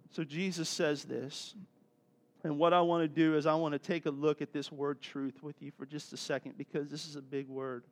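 A man preaching a sermon as pastor, telling stories in a lively, conversational way and laughing often. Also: a little high. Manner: animated storytelling preacher, acting out voices.

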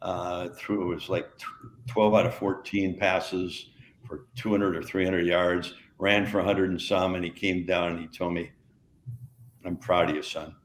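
A deep-voiced older man tells long rambling stories in a casual podcast chat. He restarts his sentences often and laughs as he goes. The sound is echoey, with a faint hiss behind him. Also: little pitch movement, unhurried. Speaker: podcast co-host, retired wrestler.

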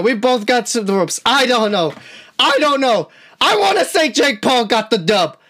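A woman giving amateur live reaction commentary on a boxing match, excitable and slangy, often talking straight to the fighters. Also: fairly high pitch. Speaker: channel host, amateur commentator.

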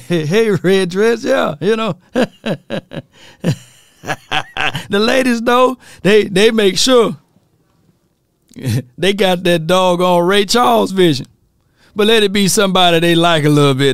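A man's voice: sits high, clear, resonant tone, no room sound, studio quality. A man hosting a casual sports talk show, joking, laughing often and talking straight to his viewers.

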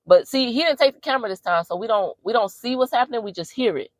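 A woman podcast host recapping a horror movie in a casual, slangy and profane way, telling it like an animated story. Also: on the high side, fast talker, no room sound.

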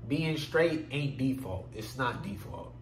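A man hosting a solo podcast, ranting in an animated, profane way, recorded in an echoey room with a faint hum. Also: mid-range voice, slow pace. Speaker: podcast host.

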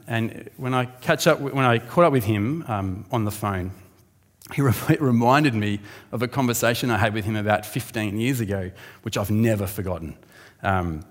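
Lively preacher in a big hall. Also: male voice, medium pitch. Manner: animated, conversational, acts out quoted voices. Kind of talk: sermon. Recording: long hall reverb.

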